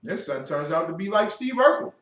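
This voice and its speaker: A man's voice: a little high, sing-song, a little fast, fairly bright tone, slight background noise. A man giving a classroom sermon as a religious teacher, preaching with lots of rhetorical questions. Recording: echoey room, distant mic.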